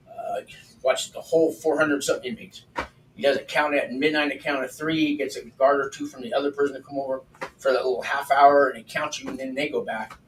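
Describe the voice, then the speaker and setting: A man's voice: medium pitch, distant mic. Older man, blunt and profane, off-mic. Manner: blunt, profane, chatty, laughs at own stories. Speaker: livestream host. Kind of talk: casual storytelling while cooking. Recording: roomy, off-mic with faint background noise.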